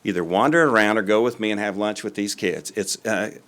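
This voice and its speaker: An older man with a drawl talks to a city board in a fairly low voice. He is folksy and rambling and leans on plenty of "uh"s between thoughts. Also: fairly quick, fairly bright tone. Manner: folksy and rambling, with frequent fillers. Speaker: school superintendent. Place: city council meeting room.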